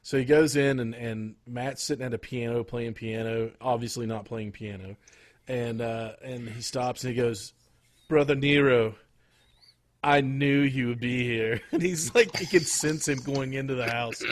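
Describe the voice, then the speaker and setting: A man chatting on a podcast in a mid-range voice, neither high nor low. He rambles through his stories with plenty of pauses, restarts and searching for words. The tone stays loose and conversational throughout. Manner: rambling, lots of fillers and restarts. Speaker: podcast co-host. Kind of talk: casual chat.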